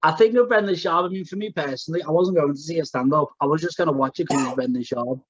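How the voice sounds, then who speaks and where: A man's voice: fairly high pitch, quick pace, husky, dry recording. A man co-hosting a podcast in casual chat, joking around and keeps calling people mate. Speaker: podcast co-host. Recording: dry, dull lo-fi sound.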